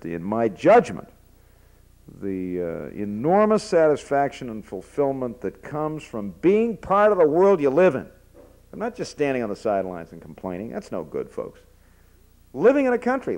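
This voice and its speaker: An older man speaks from a platform to an audience, easing into anecdotes with a relaxed, folksy delivery. His voice sits fairly low and carries a gravelly edge. He often restarts phrases and fills pauses with small hesitations. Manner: folksy storytelling with frequent fillers and restarts. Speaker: speaker addressing students. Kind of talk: informal speech with anecdotes.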